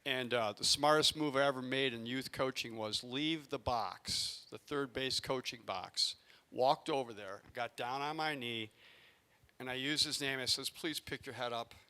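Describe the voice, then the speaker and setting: A man who coaches youth sports, telling a coaching story to a community audience and acting out his own yelling from the sidelines. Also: medium pitch, unhurried, clear, resonant tone. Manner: animated, acts out yelling in his stories. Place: arena event space.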